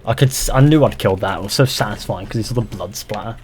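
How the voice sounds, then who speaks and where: A man's voice: lowish voice, fast talker, a little mellow, slight background noise. Chatty young male gaming streamer. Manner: chatty, reads viewer chat aloud, dry sarcasm. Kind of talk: casual live-stream chat while playing.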